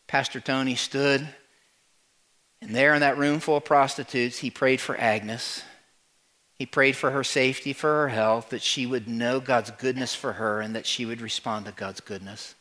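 A man preaching, telling a story, swinging from loud to hushed. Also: medium pitch, fairly even intonation, a little slow. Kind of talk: sermon storytelling.

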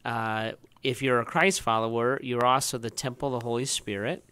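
Male pastor co-host, smooth resonant voice, measured and thoughtful. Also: medium pitch, steady tone, sharp tone. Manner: thoughtful, halting restarts. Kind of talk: casual podcast discussion.

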